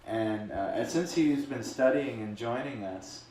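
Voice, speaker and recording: A man's voice: medium pitch, expressive, a little slow, a little mellow, a little hiss or hum. Male spiritual teacher, casual rambling storyteller, distant mic, echoey room. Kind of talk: storytelling talk.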